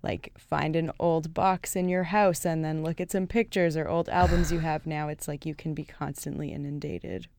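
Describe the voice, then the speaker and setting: A woman co-hosting a casual interview, talking in a relaxed, conversational way with fillers. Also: low voice, normal speed, gravelly, hardly any pauses, no room sound, studio quality. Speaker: co-host.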